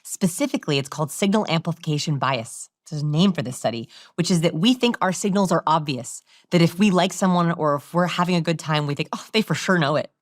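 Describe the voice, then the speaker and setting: A woman with a fairly low voice speaks as a podcast guest. She explains her points clearly and slips into demonstration voices to show what she means. The sound is dry and close. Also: lively intonation, brisk, hardly any pauses, no room sound. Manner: demonstrative, acts out example voices. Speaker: guest expert. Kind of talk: podcast interview.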